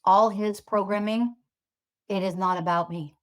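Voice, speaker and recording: A woman's voice: mid-range voice, steady tone, measured pace. A woman hosting a podcast as a spiritual teacher, delivering a heated, profane monologue full of sarcastic rhetorical questions.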